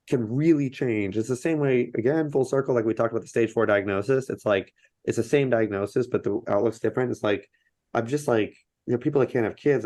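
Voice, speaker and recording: A man's voice: on the low side, a little mellow, no echo. A man in his thirties, a podcast guest speaking earnestly with many fillers in casual conversation.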